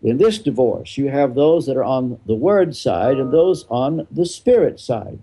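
Husky-voiced older pastor, very dark tone. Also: male voice, medium pitch, expressive, measured pace. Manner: emphatic, rhetorical questions answered himself, repeats phrases. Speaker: retired pastor, interview guest. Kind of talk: interview answer, preaching-style explanation.

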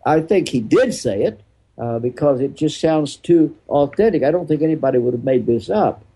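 Older man, retired preacher, husky and dark-toned, emphatic with rhetorical questions. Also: on the high side, expressive, normal speed. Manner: emphatic, rhetorical questions answered himself, repeats phrases. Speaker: retired pastor, interview guest. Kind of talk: interview answer, preaching-style explanation.

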